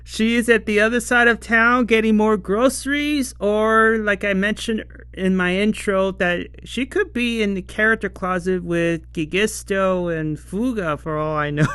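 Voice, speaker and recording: A man's voice: high voice, a bit bright, clear, resonant tone, no room sound. A man casually reviewing a TV episode, rambling and laughing often as he acts out the lines. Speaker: show reviewer.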